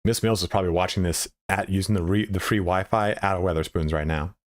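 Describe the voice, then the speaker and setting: A man's voice: deep voice, lively intonation, brisk, dry recording. A man chatting casually and profanely with viewers as a game streamer, rambling with lots of filler words.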